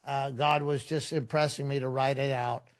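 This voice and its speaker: A man who is a pastor, a podcast guest telling a story in a relaxed, conversational way. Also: medium pitch, moderate pace.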